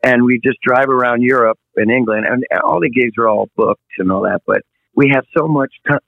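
A middle-aged man tells stories in a relaxed interview chat, jumping into little acted-out voices as he goes. The sound is dry and a bit dull, like a lo-fi recording. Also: medium pitch, fairly quick, creaky, no room sound. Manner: animated storyteller, acts out voices. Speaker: touring rock singer, guest.

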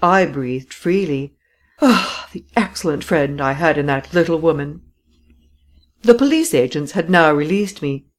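A woman narrating a classic story in the first person, with an expressive delivery. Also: low-pitched, measured pace. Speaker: audiobook narrator.

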